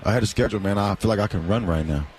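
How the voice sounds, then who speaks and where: A young man talking casually as a guest in a sports radio interview, relaxed and easygoing. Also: lowish voice, rapid-fire, a little hiss or hum. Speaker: guest football player.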